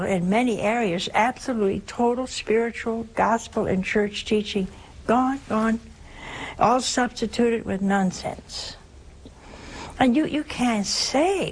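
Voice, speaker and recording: A woman with a fairly high voice gives a folksy, sermon-style religious talk in no hurry. She tells stories and poses rhetorical questions, and the recording quality is low.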